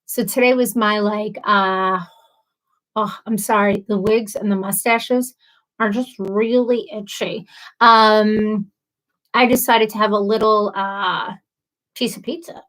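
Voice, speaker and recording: A woman's voice: mid-range voice, fairly even intonation, slow pace, a bit bright, rough recording. A young woman hosting a casual live stream, chatting with viewers in a bubbly, rambling way with many fillers. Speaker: livestream host. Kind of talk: casual livestream chat with viewers.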